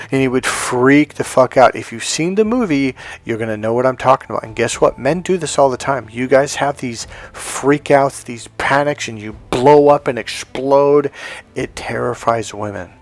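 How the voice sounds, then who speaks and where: A man's voice: medium pitch, dry recording. A man coaching other men on dating in an emphatic, blunt monologue, swearing freely as he drives his points home. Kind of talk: motivational monologue to camera.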